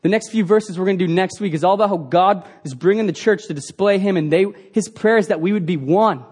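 Man, pastor, high voice, earnest emphatic sermon, rhetorical questions, church. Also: fairly quick, a little mellow, breathy edge.

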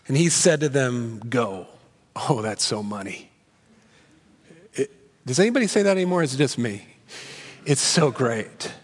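A male pastor preaching an expository sermon in a church sanctuary, animated, moving between loud and hushed delivery. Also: a little high. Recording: long hall reverb.

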